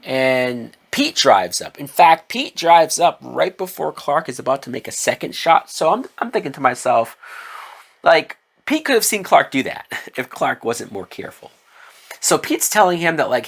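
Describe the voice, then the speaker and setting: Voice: mid-range voice, sing-song, moderate pace, vocal fry. A reviewer gives a casual recap of a TV episode, chatty and swearing often, briefly acting out the characters' lines. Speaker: TV show reviewer.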